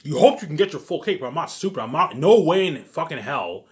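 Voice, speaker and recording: A male vlogger rants at his audience at a rapid clip, full of profanity and stumbling restarts. His voice jumps between loud, heated outbursts and low, muttered lines. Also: sing-song. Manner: agitated, profane, repetitive, with many restarts. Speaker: YouTube vlogger. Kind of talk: ranting monologue to camera.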